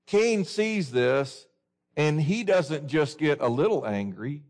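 A man's voice: a little high, expressive, slow, a little mellow. A man preaching a sermon in an earnest way, often asking his listeners questions.

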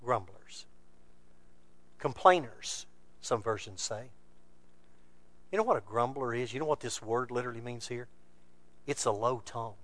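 A man preaching a sermon, moving between loud, emphatic bursts and low, quiet passages. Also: unhurried, long pauses, no echo.

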